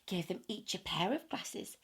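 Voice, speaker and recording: A woman reading a children's story aloud in an expressive, animated way. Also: medium pitch, unhurried, husky.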